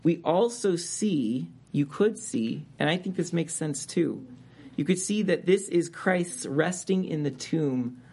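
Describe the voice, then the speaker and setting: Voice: mid-range voice, animated, slow pace, a little mellow, husky. Emphatic preacher teaching a sermon. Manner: emphatic, conversational teaching with rising stresses on key words. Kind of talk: expository sermon.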